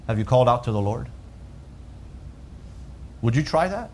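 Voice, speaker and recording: A male pastor preaching a sermon, slowing down to quote scripture and swinging between loud emphatic peaks and quiet, low passages. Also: big pitch swings. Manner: emphatic preaching that rises to shouts and drops to soft lows; quotes scripture in a slow, deliberate voice.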